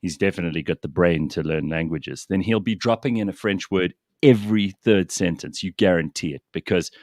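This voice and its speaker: Deep-voiced animated male host. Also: a little fast, no echo, studio quality. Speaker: radio show host. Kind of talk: casual radio chat.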